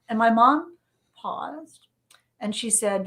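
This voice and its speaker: A middle-aged woman, a journalist and novelist, telling lively anecdotes as an interview guest and repeating phrases for emphasis. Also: a little high, moderate pace. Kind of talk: conversational storytelling interview.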